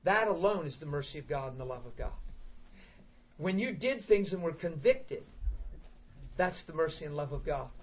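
High-voiced middle-aged guy preaching, animated storytelling, kinda dull lo-fi recording. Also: slight background noise. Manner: animated storytelling, bursts into shouting and laughter. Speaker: pastor. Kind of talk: sermon. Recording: dull lo-fi sound.

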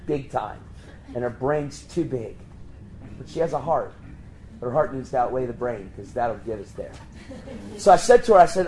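A man preaching, telling a story and acting out the voices of the people in it with sudden high jumps in pitch. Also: lively intonation, normal speed, long pauses, mellow, slight background noise, rough recording. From Pennsylvania. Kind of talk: storytelling sermon.

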